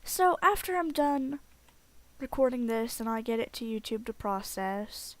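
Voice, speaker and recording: A woman giving casual gameplay commentary as a let's play host, chatty and rambling, getting excitable at game events. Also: on the high side, unhurried, dry recording.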